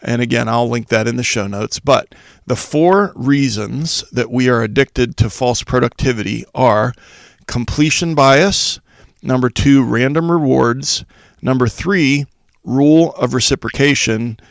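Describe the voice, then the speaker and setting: Podcast guy, gravelly voice, goes through his points one by one, dry close sound. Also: medium pitch, no room sound. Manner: explains in numbered points, with fillers and restarts. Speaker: podcast host for school leaders. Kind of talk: solo podcast talk.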